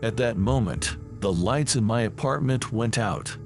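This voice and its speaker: A man narrates a scripted first-person horror story with lively, dramatic delivery. His voice is mid-range and his pace measured, with soft music playing in the background.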